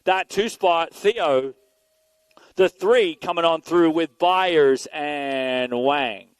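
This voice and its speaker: A man giving energetic live play-by-play commentary at an outdoor BMX race, calling out riders and bike numbers. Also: a little high, very slow, smooth, no room sound. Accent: Canadian. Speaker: race announcer.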